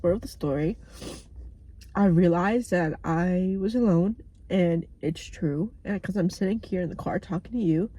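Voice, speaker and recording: A woman's voice: fairly low pitch, dark tone, husky, no room sound. A young American woman recording a candid, outspoken video diary from her parked car, swearing freely as she talks. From United States. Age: young adult. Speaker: vlogger. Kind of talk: casual personal video diary.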